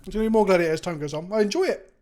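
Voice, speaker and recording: A man's voice: high voice, rapid-fire, darkish tone. A tired English man chatting casually to his stream viewers, rambling and self-deprecating. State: tired, sluggish. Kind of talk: casual live stream chat.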